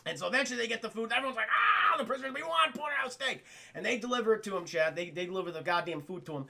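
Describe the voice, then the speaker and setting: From a home streaming setup, a tipsy man gives a casual spoiler-filled film review, rambling, swearing, and talking to his chat nonstop. His voice sits high, rapid-fire and creaky, and his half-drunk storytelling is animated.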